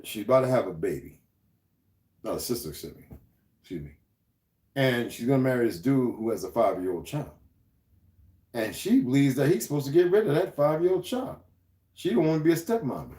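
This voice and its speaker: Man hosting his own livestream: a cursing, fired-up rant with big swings in pitch, mid-range voice, breaks off to greet viewers. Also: brisk, long pauses. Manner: profane, heated, animated ranting; greets viewers and reads their chat comments aloud. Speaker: livestream host.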